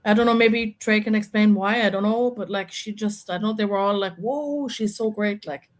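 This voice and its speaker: A woman's voice: mid-range voice, fairly even intonation, brisk, rough recording. A woman hosting a casual live chat about a reality show, opinionated and chatty, with lots of fillers.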